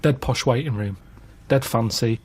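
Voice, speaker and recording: Deadpan man telling a story. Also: medium pitch, moderate pace, breathy edge. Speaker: podcast regular. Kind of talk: casual chat.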